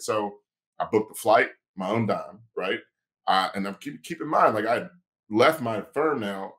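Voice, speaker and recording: A sports agent and lawyer tells a story on a podcast, casual and animated, acting out the quoted dialogue. His voice is fairly low and he speaks at normal speed.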